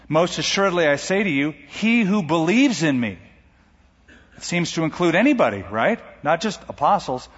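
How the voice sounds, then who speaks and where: A man delivers a sermon in a slightly high, husky voice. He pushes his points upward, then drops into quiet asides. The sound is dull and carries a long hall echo. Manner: dynamic preaching with sudden rises and drops. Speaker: pastor. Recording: dull recording in a large reverberant hall.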